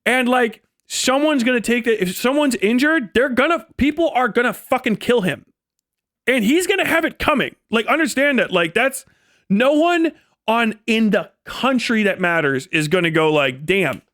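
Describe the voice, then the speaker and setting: A man rants on a livestream in a high, heated voice, cursing freely. He is recorded close and dry, with no room sound. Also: very animated, moderate pace, fairly bright tone, dry recording. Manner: profane, heated, swings into mocking impressions. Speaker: livestream host. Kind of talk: ranting livestream commentary.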